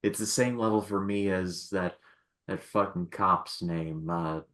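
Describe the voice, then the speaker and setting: A man's voice: low-pitched, a little slow, a bit bright. A man hosting a casual podcast, rambling with lots of fillers and restarts. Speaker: podcast host. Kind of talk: casual chat.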